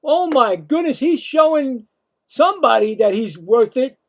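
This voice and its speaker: High-voiced guy doing live play-by-play, gets fired up and talks to chat. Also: measured pace. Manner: excitable, rants at calls and chats to viewers. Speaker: play-by-play host of a streamed game.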